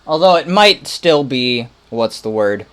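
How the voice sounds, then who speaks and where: A man's voice: medium pitch, animated, a little slow, background noise. A man casually thinking aloud while making music on a livestream, muttering, playful and rambling.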